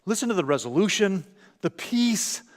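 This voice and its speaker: Guy pastor preaching, kinda high voice, lively, echoes round a big church. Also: normal speed. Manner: animated, acts out parent and commercial voices, repeats words. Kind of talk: sermon. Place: church sanctuary.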